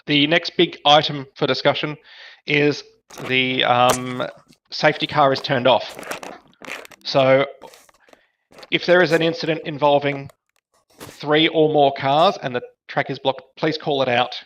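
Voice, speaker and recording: A man's voice: on the high side, steady tone, unhurried, long pauses, fairly bright tone, slight background noise. Man, race director, briefing over voice chat, dull lo-fi sound.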